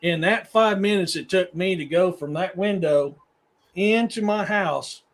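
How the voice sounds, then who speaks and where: A man's voice: high voice, measured pace. A middle-aged man from Missouri, a podcast guest who tells long rambling stories in casual chat. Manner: rambling storyteller, talks to his dogs mid-sentence.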